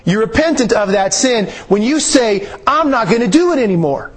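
Male preacher, husky and high-pitched, earnest and repetitive delivery. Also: animated, moderate pace. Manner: earnest, repeats phrases for emphasis. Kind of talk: sermon.

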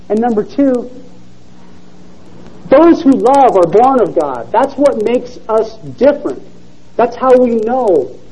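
A male preacher delivers a sermon, reading a first-person story aloud with earnest expression. His voice sits high and mellow with a husky edge. His pitch rises and falls widely as he tells the story. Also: low-quality recording.

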